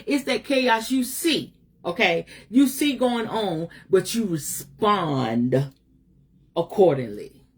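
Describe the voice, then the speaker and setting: A middle-aged woman preaching to her followers on a livestream, blunt and emphatic, dropping slang as she lectures. Her voice sits at an ordinary middle pitch. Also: animated, takes it slowly, breathy edge. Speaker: spiritual teacher. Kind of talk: livestream motivational talk.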